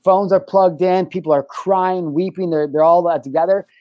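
Young guy telling a story, swears a lot, says bro, a bit high voice, dry sound. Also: normal speed, dry recording, highs cut off. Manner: profane, animated, says "bro". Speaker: guest. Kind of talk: casual storytelling.

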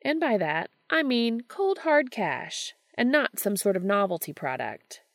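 A woman's voice: fairly high pitch, very animated, a little slow, dry recording, voice pushed up. A woman voicing a brash, joking male game show host in a fan story reading. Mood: teasing showman. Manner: teasing, showy.

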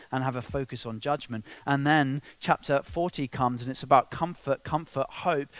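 A man preaching a sermon, conversational and full of asides, swinging from quiet, intimate remarks to loud, emphatic passages. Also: mid-range voice, dry recording.

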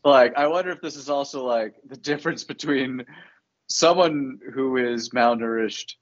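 Brief: male podcast co-host, mid pitch, musing and hesitant, dull lo-fi sound. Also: moderate pace. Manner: thinking aloud, hesitant, hedging. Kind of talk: casual chat about a TV show.

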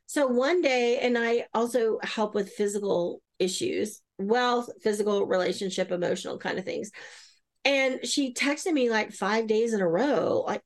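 A woman's voice: a little high, a little slow. A woman guest who works as an energy healer, talking in an enthusiastic, chatty way. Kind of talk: casual interview conversation.

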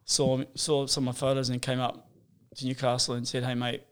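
A man's voice: mid-range voice, completely flat delivery, brisk, clear, resonant tone. Swearing Australian man telling stories. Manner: swears constantly, laughs through rambling stories. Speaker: guest surf photographer. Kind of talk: casual podcast chat.

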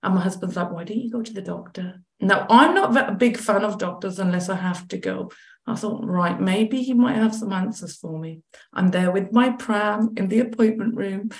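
Woman chatting about her past, acts out the voices, middle pitch, bit of room echo. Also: moderate pace, creaky. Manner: animated, acts out quoted dialogue. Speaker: guest, chronic pain and mindset coach. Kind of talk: conversational storytelling.

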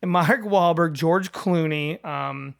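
A man's voice: on the high side, slow, gravelly, a bit bright. A man co-hosting a casual sports podcast, joking and rambling with frequent laughs. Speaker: podcast co-host.

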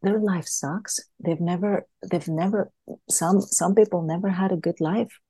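Lady guest on a podcast, low husky voice, gets earnest, tells a story. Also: steady tone, measured pace, warm tone, no room sound. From Greece. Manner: earnest, repeats words while thinking. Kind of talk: podcast interview, explaining with a story.

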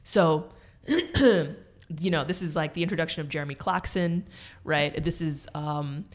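A woman's voice: deep voice, measured pace. A woman co-hosting a podcast in casual chat, rambling and joking with frequent swearing. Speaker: podcast co-host.

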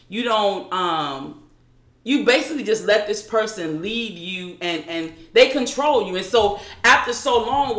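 A woman with a bright, forward voice tells her own story as an interview guest. She talks haltingly and often restarts her sentences, and her voice rings in an echoey room. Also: mid-range voice. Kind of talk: recounting a personal story.

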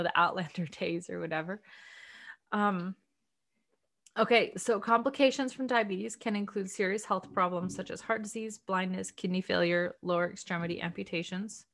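A woman leading a casual book study discussion, thinking aloud in a chatty, earnest way with soft laughs. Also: medium pitch, normal speed. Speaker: study group discussion leader.

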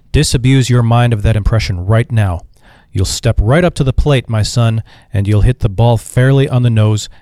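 A man's voice: mid-range voice, warm tone, no room sound, clean studio sound, natural voice. A man reading aloud and voicing a genial, sly, retired old shipping magnate who drawls his words.

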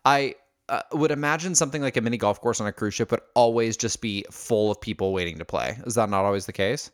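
A man's voice: fairly low pitch, fast, no room sound. Teasing man on a dry mic. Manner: teasing, laughs often. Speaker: podcast co-host. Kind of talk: casual podcast chat.

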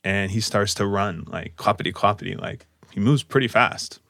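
A man's voice: on the low side, moderate pace, creaky, a bit bright, no room sound, clean studio sound. A man narrating a tabletop game as game master, describing scenes in a loose, descriptive way. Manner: descriptive, fillers like "like".

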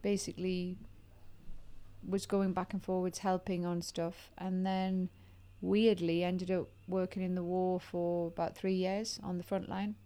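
Middle-aged woman telling stories briskly. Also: fairly low pitch, clear, resonant tone. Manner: brisk, animated, piles events one after another. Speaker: guest. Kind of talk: conversational storytelling.

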